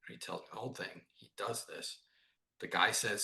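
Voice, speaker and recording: A man's voice: low-pitched, a little fast, vocal fry. Man, sales trainer, podcast guest, casual storytelling, acts out dialogue, keeps asking "right?". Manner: animated, acts out quoted dialogue, repeats "right?".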